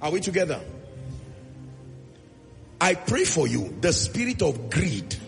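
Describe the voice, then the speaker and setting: Nigerian man, pastor, emphatic sermon, high lively voice, gravelly edge, echoing hall with music. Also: slow pace. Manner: emphatic preaching with repeated refrains.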